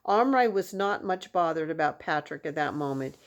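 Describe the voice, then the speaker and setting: A woman reading a children's novel aloud with expressive storytelling. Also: low-pitched, normal speed. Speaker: reader.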